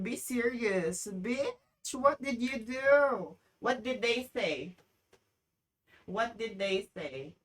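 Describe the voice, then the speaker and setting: A woman streamer chatting casually on a live stream, rambling and exclaiming as she talks. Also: mid-range voice.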